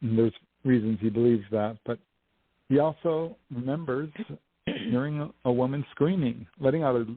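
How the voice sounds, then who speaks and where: A man as an interview guest telling a story in a casual, animated way, acting out what people said, over a dry phone line. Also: medium pitch, normal speed, breathy edge, dry recording. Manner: animated storyteller, acts out quotes. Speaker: guest, UFO investigator and author.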